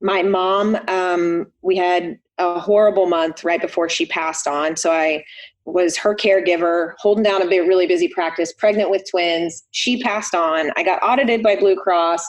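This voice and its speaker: A woman's voice: on the low side, steady tone, moderate pace. A middle-aged woman, a chiropractor guest on a podcast, telling a personal story in an earnest way. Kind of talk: casual conversation.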